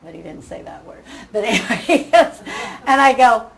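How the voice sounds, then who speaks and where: An older woman, a surgery patient, telling a lively anecdote in casual chat and acting out the quotes. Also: a little high, moderate pace, vocal fry, rough recording. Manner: animated storyteller, acts out quotes, laughs.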